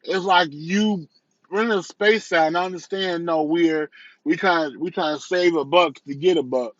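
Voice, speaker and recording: Candid rambling man, slightly high voice. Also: normal speed, no echo, lo-fi sound. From South Suburbs of Chicago. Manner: candid, rambling, repeats phrases, restarts often. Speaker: vlogger and entrepreneur. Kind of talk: casual vlog review.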